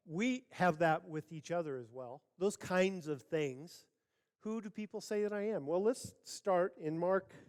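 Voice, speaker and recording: A man's voice: fairly high pitch, a little mellow. A male pastor preaching a sermon, opening with a folksy joking story. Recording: church hall reverb.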